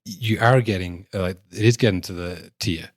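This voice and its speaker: A man's voice: deep voice, moderate pace, dry recording, studio quality. A man, co-hosting a casual football podcast and acting out referees and players as he argues. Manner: animated, acts out quoted referees and players. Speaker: podcast co-host.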